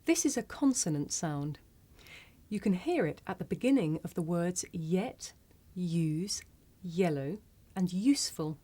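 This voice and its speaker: A woman teaching English pronunciation, saying single words slowly and carefully for learners to repeat. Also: fairly low pitch, warm tone. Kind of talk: slow scripted pronunciation lesson.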